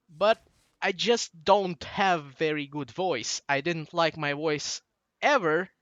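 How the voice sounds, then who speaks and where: A young man in his late teens with a Russian accent speaks slowly in a slightly high, bright voice. He rambles through a casual monologue and drifts from one thought to the next. The recording is dry and close. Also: dry recording, dull audio. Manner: digressive, loses his train of thought. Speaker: channel host.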